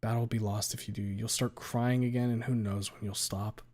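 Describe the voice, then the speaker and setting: A man reading aloud, voicing a remorseful young woman high schooler who breaks into anguished, swearing outbursts, in a dramatic fan fiction reading. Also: steady tone, brisk, natural voice. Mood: choked up. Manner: anguished, shouting and swearing in bursts.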